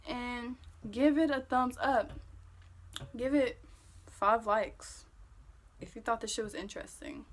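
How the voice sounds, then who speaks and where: A young woman vlogger telling a story-time tale in casual, profane, animated talk that gets loud when she replays an argument. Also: on the high side, slow pace, long pauses, a little hiss or hum.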